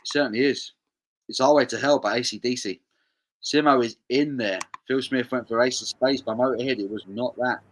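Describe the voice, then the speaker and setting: A man's voice: mid-range voice, fairly even intonation, a little fast, a little hiss or hum, poor audio. English male streamer hosting a lyric quiz; casual, bantering, reads chat aloud, repeats himself. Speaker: livestream quiz host.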